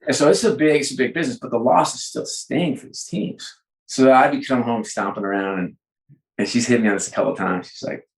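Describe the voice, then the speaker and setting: A middle-aged man talks through an interview over a call and lively acts out the dialogue in his stories. His voice sits at an ordinary pitch. The room around him gives the sound a noticeable echo. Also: fast talker. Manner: animated storyteller, acts out dialogue. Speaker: sports executive guest. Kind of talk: conversational interview. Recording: roomy echo.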